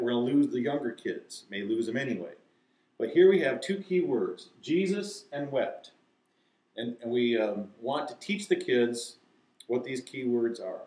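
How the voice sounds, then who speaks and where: A man explaining to teachers how to teach a verse to children, acting out slow, deliberate recitation. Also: mid-range voice, a little mellow, roomy sound, poor audio. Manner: demonstrates, reciting key phrases slowly and deliberately. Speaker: Bible teacher. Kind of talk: instructional talk to teachers.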